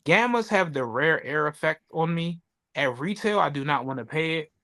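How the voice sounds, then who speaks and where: A man co-hosting a podcast, chatting casually, telling animated stories, swearing freely and acting out the voices of people he quotes. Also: on the high side, normal speed. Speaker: podcast co-host. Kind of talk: casual chat.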